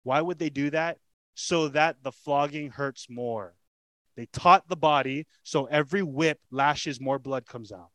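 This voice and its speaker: A man's voice: fairly high pitch, unhurried, a bit bright, dry recording. A man preaching a sermon as pastor, telling the story with dramatic emphasis, rhetorical questions and repeated lines. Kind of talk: expository sermon.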